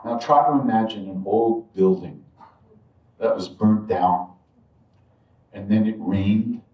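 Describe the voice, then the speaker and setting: A man telling a personal spiritual story to an audience in a reflective, halting way, with frequent asides. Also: fairly low pitch, dull audio. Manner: reflective, halting, many asides like "you know" and "right". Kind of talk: live storytelling talk to an audience. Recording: roomy echo, distant mic.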